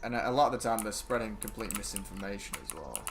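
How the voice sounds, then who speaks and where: A young man with a British accent talks loosely over his gameplay stream. He rambles from one topic to the next, answers chat and drops casual swears. His voice sits fairly low, with a faint hiss behind it. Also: quick pace. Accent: British English. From Britain. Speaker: gaming streamer.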